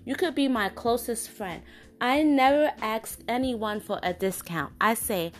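A woman's voice: fairly high pitch, a little slow, soft background music. A woman hosting her own show, giving a casual, frank opinion monologue with an indignant edge and lots of fillers and restarts. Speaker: podcast host.

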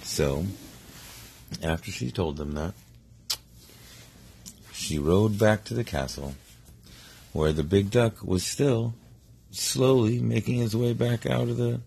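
A middle-aged man improvising a bedtime story, unhurried and meandering, often stopping to correct himself. His voice sits very low and gravelly, with a dark, husky tone. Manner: relaxed, meandering, self-correcting. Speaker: parent telling a bedtime story.

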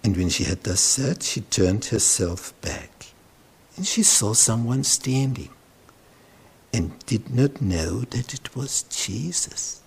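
A man's voice: mid-range voice, sing-song, takes it slowly, creaky, a little mellow, husky. A male pastor preaching a sermon, retelling scripture dramatically and dropping into whispers. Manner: dramatic storytelling, sudden drops to whispers; repeats words and restarts.

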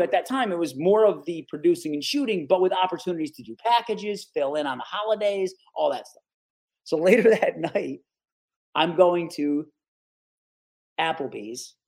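A man in his forties from the Capital Region of New York, a guest telling stories in a casual, animated interview. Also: a little high, moderate pace, gravelly, pauses often. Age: 40s. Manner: animated, lively storyteller who acts out the people he quotes.

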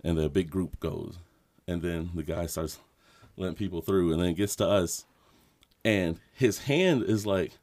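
A man's voice: low voice, measured pace. Rambling, laughing man telling a story. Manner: rambling, animated, swears a lot, laughs often. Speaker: podcast co-host. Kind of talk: casual storytelling chat.

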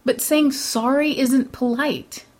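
A woman's voice: high-pitched, slow pace, a crowd in the background. A woman, giving blunt, opinionated casual talk, swearing freely and acting out other people. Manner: blunt, swears, animated mimicry.

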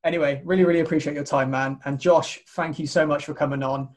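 British male podcast host, raised pitch, easygoing, laughs a lot, restarts phrases. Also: steady tone, quick pace. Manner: laughs often, repeats words while thinking. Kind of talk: casual podcast chat.

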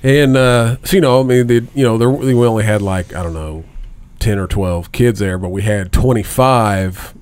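A man's voice: lowish voice, moderate pace, darkish tone, clean tone. A man in his thirties telling a rambling, profane story in casual chat, laughing often. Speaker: podcast co-host.

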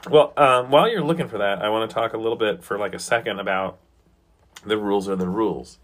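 A podcast co-host with a lowish voice talks fast in a casual chat. His banter is loose, profane and argumentative, and he laughs as he pushes his point.

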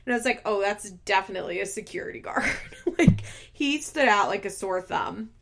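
Female podcast host with a mid-range voice, gossipy and expressive, swears freely and laughs often. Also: mid-range voice. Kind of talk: casual reality-TV recap.

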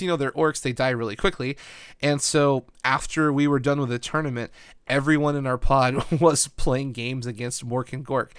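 A man's voice: mid-range voice, clear, resonant tone, dry recording. Male podcast host, medium voice, eager storyteller who rambles happily, dead-dry booth sound. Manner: enthusiastic, rambling, frequent "like" and laughs. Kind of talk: casual podcast recap.

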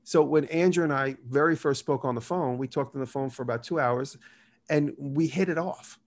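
A man with a mid-range voice speaks at a moderate pace as a guest in an interview. He tells casual, rambling stories and acts out the quoted dialogue in them.

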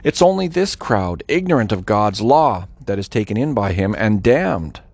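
A man's voice: lowish voice, sing-song, normal speed, a little mellow, dry recording. A man voicing hostile male religious leaders in a scripture reading, asking indignant, mocking questions. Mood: scornful.

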